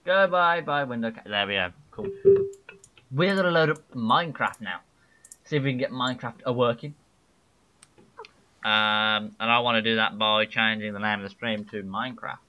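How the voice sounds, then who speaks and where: A man's voice: fairly low pitch, moderate pace, long pauses, bright, forceful tone, muffled recording. A British man hosting his own game live stream, chatting casually and teasing playfully. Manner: playful, jokey, teasing banter. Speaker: livestream host.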